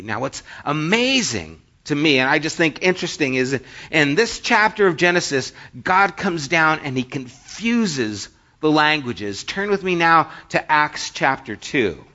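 This American pastor preaches casually, mixing scripture readings with jokes. He speaks a little slowly in a fairly high voice that is bright and forceful, and his pitch swings widely. The audio has a dull, lo-fi quality.

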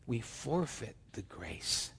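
Animated male pastor in a reverberant hall. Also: medium pitch, slow, creaky, slight background noise. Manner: animated, swinging between loud emphasis and soft hushed lines. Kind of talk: sermon.

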